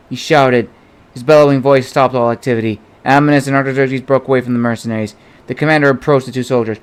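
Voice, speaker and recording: A man's voice: medium pitch, steady tone, quick pace, clean tone. A man narrating an audiobook, reading steadily and giving the characters small shifts of voice. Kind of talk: audiobook narration of his own novel.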